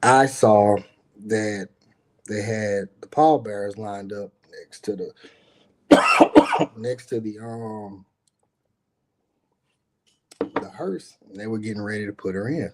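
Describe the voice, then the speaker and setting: A middle-aged man appears as a guest on a live stream, telling a personal story casually, emphatically and with plenty of profanity. He often turns to address his listeners directly. His voice is fairly low, his pace slow, with long pauses.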